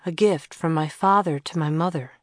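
Soft-spoken young woman, read by the narrator, low, close and dry. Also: normal speed, no echo, lightly acted. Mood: firm. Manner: firm then hesitant, soft-spoken. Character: thoughtful young woman, patient.

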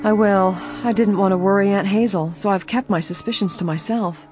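A woman's voice: mid-range voice, fairly even intonation, a little fast, a little mellow, soft background music, voice pushed up, close to an everyday voice. A woman reading a worried young bride running an inn. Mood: confiding. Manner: earnest, confiding.

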